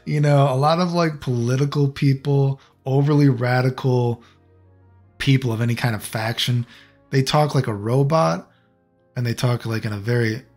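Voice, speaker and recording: A man with a husky, slightly breathy voice rants bluntly and profanely to his viewers. His delivery is casual and loose, full of restarts. Soft music plays faintly underneath. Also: mid-range voice, moderate pace. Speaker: channel host. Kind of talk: casual video rant.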